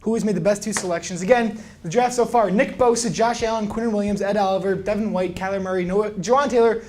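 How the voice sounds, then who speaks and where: A young man running a casual mock draft chat, animated and jokey. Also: high-pitched, quick pace.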